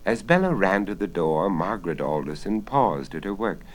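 Man, deep voice, very expressive, storybook narration, hushed suspenseful whispers. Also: normal speed. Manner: dramatic, dropping to hushed whispers. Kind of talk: storybook reading.

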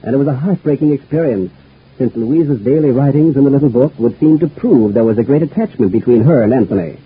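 A male announcer giving scripted narration for a radio serial in a smooth, formal way. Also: mid-range voice, fast. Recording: tinny old radio broadcast.

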